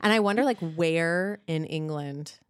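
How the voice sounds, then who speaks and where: Woman podcast host, casual chat, laughs a lot, lower pitch, dry mic. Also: a little slow, clear, resonant tone, no room sound. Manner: chatty, laughs often, filler "like".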